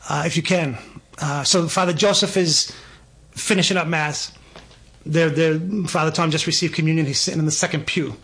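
A man's voice: on the high side, slightly rough. A man, telling a faith story as a guest and eagerly acting out what people said. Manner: excited, animated storyteller acting out dialogue. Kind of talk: testimony storytelling.

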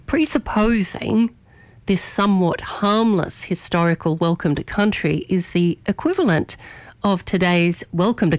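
Low-voiced woman radio host. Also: no room sound. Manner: opinionated, argumentative, measured delivery with stressed words. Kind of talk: morning radio editorial.

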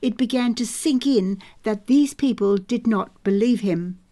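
Slow, mellow woman narrating a novel. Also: fairly high pitch. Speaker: audiobook narrator.

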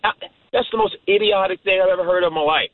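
Male caller, folksy and emphatic, quick asides, dry phone-line sound. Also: sits high, no echo. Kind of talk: political call-in chat.

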